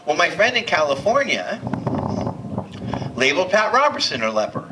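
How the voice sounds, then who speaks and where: A man's voice: a little high, sing-song, moderate pace, long pauses, noisy background. A man preaching a sermon in a church, impassioned and building to emphatic peaks. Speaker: pastor. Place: church hall.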